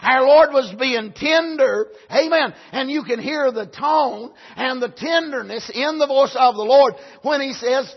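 A male preacher delivering a sermon, punctuating it with amens and swinging from loud cries to soft, low passages. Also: measured pace, few pauses, muffled recording.

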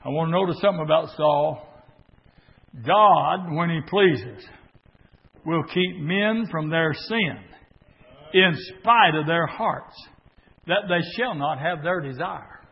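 Preacher shouting in a church. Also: male voice, fairly high pitch, slow, gravelly, pauses often. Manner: preaching that swells into shouted bursts. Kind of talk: sermon. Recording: dull recording in a reverberant church.

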